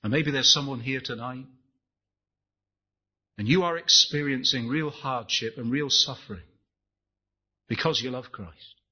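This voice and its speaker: A man's voice: mid-range voice, a little slow, pauses often, husky, highs cut off. A man preaching a sermon, impassioned, rising and falling, asking the congregation rhetorical questions.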